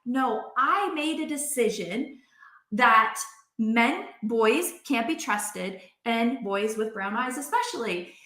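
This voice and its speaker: Woman host in her 40s, chatty live-video storyteller, high bright voice, echoey room. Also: slow. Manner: chatty, animated, acts out quoted voices. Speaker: life coach hosting a live video. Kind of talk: casual storytelling to viewers.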